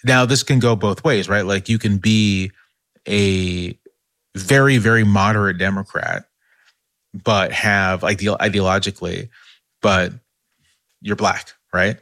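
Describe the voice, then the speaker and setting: A man with a low voice talks through politics in a relaxed podcast conversation. He circles his points, restarts his sentences and checks in with "right?" as he goes. The recording is dry and close, with no room sound. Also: measured pace, long pauses, no room sound. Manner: thinking aloud with many restarts and "right?" tags. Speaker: political analyst. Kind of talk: casual podcast discussion.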